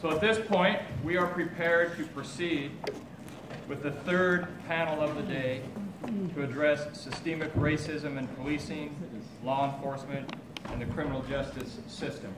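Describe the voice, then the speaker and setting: A man moderating a conference, slightly higher-voiced, offering warm and appreciative thanks before introducing the next panel. He is recorded from a distance in an echoey hall, and loud background noise sits under his voice. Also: fairly even intonation, normal speed. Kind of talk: formal event introductions. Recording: noisy echoey hall from far off.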